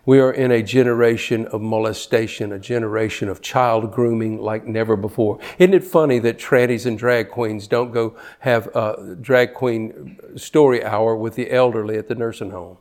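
A man's voice: on the low side, steady tone, normal speed, few pauses, darkish tone. An older man preaching a sermon, fervent, often repeating words as he builds to a point. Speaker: pastor.

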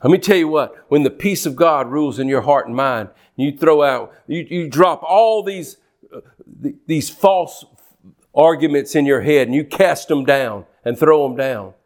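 Preacher guy, high voice, gets loud and animated, mocks whiny folks. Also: normal speed. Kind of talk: sermon.

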